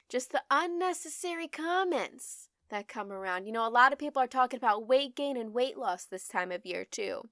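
A woman's voice: a little high, expressive, normal speed, few pauses, a bit bright, dry recording, studio quality. A young woman hosting her own podcast, talking bluntly and emphatically, swearing freely and repeating her points to drive them home. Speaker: podcast host. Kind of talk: solo podcast monologue.

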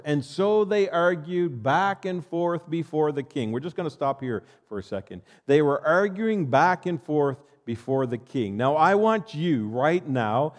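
A male pastor preaches emphatically and reads scripture aloud to his congregation. His voice sits fairly high and rings with a long reverb. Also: animated, normal speed, few pauses. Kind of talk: sermon.

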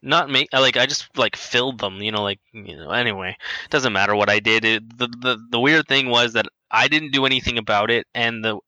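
A man's voice: medium pitch, brisk, bright, forceful tone, no room sound, dull audio. A young man telling a casual story in a rambling way, full of fillers and restarts.

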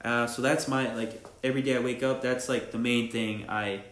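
A man's voice: medium pitch, level tone, normal speed, fairly bright tone. Young man, barber podcast host, casual solo talk, rambling, slangy, roomy echo. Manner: rambling, loose, slangy, laughs at himself. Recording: echoey room.

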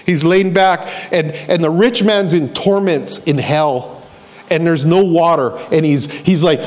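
Male pastor, sermon, high voice, storytelling delivery, acts out voices, repeats key lines. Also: unhurried. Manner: repeats key phrases for emphasis.

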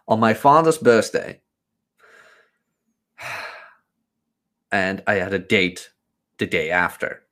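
A man's voice: expressive, slow pace, pauses often, sharp tone. A man co-hosting a podcast, chatting crudely and casually and laughing often. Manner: laughs often, puts on high voices when quoting women. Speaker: podcast co-host.

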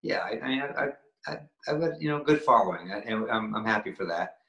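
A man from Maine talks through an interview in a loose, rambling way, stopping and restarting often. His voice sits a little low and comes across bright and forceful, with a roomy echo around it. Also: expressive, a little fast, creaky. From Maine, New England. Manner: rambling, many restarts and fillers. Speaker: actor, interview guest. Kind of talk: casual interview talk. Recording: echoey room.

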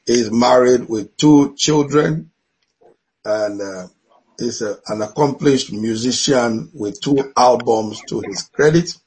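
Husky African-accented bishop hosting. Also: male voice, medium pitch, slow, darkish tone, low-quality recording. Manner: laughs often, blesses guests repeatedly. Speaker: bishop, online talk show host. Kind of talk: hosting a church video-call talk.

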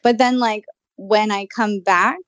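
A woman co-hosting a casual podcast, telling a story in an animated way, full of "like" fillers and the odd swear. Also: mid-range voice, measured pace, no echo. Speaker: podcast co-host and channel. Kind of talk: casual chat. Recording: dull, dry, lo-fi sound.

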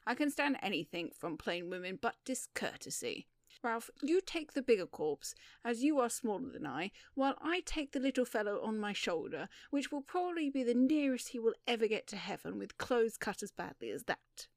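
A woman voicing a breezy, sarcastic gentleman in an audiobook, calm and dry-witted. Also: a little high, normal speed, dry recording. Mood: wry. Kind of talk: audiobook reading.

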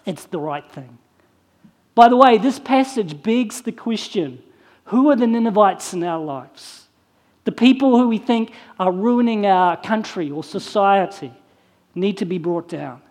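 A preacher giving a sermon, reading Bible verses aloud and then commenting on them with emphatic, rising stress. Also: medium pitch.

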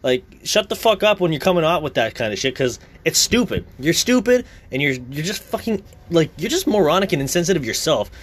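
A man's voice: on the high side, very animated, brisk, few pauses. A young man talking casually, blunt and profane, in a heated rant.

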